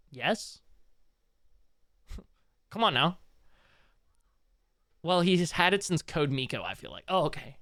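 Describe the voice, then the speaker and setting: Animated bright-voiced male streamer. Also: fairly high pitch, slow pace, vocal fry, pauses often, no room sound, studio quality. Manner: rambling, profane, jumps between clip and chat. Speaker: streamer reacting to a clip. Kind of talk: casual live-stream commentary.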